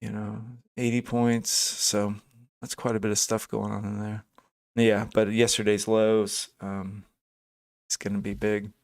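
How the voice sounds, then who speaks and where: A man's voice: on the low side, monotone, measured pace, gravelly. Man musing over trading charts. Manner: thinking aloud, hesitant, frequent fillers and self-corrections; greets chat viewers by name. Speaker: day trading live streamer. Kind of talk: casual live market commentary.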